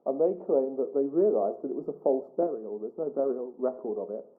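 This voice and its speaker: A man with a Suffolk accent tells stories to an audience in a loose, rambling way. He trails off and corrects himself in chatty asides. His mid-pitched voice comes through thin and phone-like. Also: fairly quick. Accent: Suffolk English. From Suffolk, England. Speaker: guest speaker. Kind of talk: storytelling talk to an audience.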